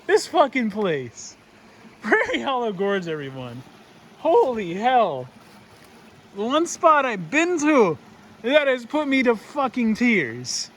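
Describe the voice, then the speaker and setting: A young man vlogging outdoors in a rocky gorge, awestruck and excitable, swearing freely as he talks. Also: sits high. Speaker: nature vlogger. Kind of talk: casual outdoor vlog narration.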